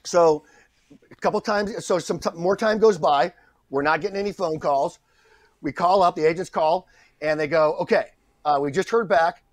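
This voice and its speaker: A middle-aged man, a guest actor on a podcast, telling a story in a lively way, acting out the people he quotes and often restarting his sentences. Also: a little high, normal speed, no echo. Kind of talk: anecdotal storytelling in a podcast interview.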